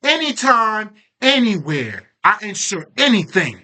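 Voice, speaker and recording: Emphatic, bright-voiced man venting. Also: sits high, big pitch swings, a little slow. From Haitian background. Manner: emphatic, swearing, rhetorical questions. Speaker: self-growth vlogger. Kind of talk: casual spoken monologue.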